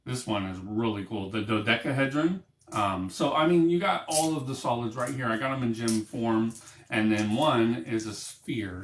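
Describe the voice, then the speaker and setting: Speaking to camera at medium pitch, a man runs his own small broadcast from a room lined with books, rambling casually with lots of fillers and restarts. The room sounds echoey.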